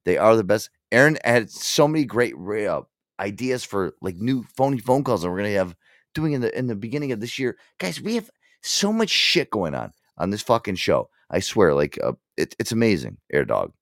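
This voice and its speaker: A man's voice: fairly low pitch, very animated, moderate pace, no room sound, studio quality. A man hosting a casual show, rambling and swearing, with lots of "like" and "you know". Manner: rambling, profane, full of fillers. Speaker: show host. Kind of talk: casual radio-show chat.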